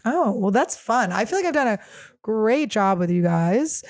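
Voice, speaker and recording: A woman's voice: mid-range voice, expressive, moderate pace, no room sound, studio quality. Profane, rambling woman podcast host. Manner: profane, rambling, jokey storytelling. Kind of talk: casual solo podcast monologue.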